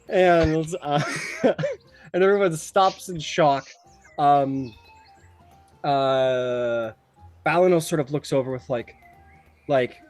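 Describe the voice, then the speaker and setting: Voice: medium pitch, a little mellow. A game master narrating a tabletop game in a casual, rambling way, with frequent fillers.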